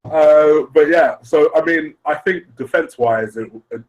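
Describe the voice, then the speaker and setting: A man's voice: a little high, unhurried, darkish tone, rough recording. A man co-hosting a casual chat, dropping in dry, teasing remarks. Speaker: podcast co-host.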